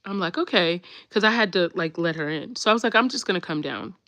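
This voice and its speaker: A woman, telling family stories in a casual, animated way and laughing often. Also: lowish voice, quick pace, no echo. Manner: animated, laughs often, repeats "when I tell you". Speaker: storytelling host. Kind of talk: casual storytelling chat.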